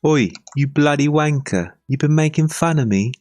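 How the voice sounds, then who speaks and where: A man putting on a mock-angry British bloke with an exaggerated British accent and a creaky edge. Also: a little high, lively intonation, moderate pace, darkish tone, no echo, voice pushed up, natural voice. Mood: mock outrage. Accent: put-on British.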